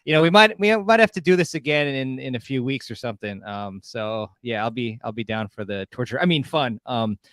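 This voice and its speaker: A man from Canada hosts a live stream, chatty and relaxed as he reads out viewer comments. His voice is smooth and clear, recorded close and dry, with no room sound. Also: mid-range voice, brisk, hardly any pauses, no room sound. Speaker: host.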